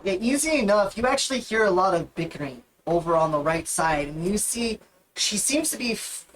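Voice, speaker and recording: A woman running a tabletop game in a mid-pitched voice. She narrates loosely, with plenty of fillers and restarts. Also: animated, a little fast, slight background noise, poor audio. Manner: casual, rambling, with many fillers. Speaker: game master.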